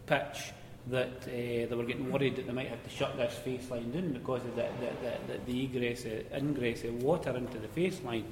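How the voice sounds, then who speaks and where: A man with a Scottish accent telling an old mining anecdote in a relaxed, conversational way. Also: mid-range voice, normal speed, few pauses, noisy background. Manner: conversational, relaxed, repeats words as he goes. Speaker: storyteller. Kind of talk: spoken anecdote of mining days. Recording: echoey hall with faint ambience.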